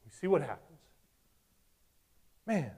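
A man in his late twenties preaching a sermon, telling stories in an animated way and acting out his own past thoughts. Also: fairly high pitch, takes it slowly, husky. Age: 20s.

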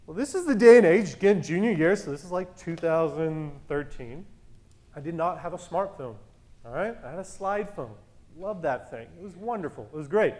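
A man in his thirties casually telling a story as a podcast co-host, animated and acting out the dialogue in a loud voice that carries. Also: a little high, moderate pace. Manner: animated, acts out quoted dialogue.

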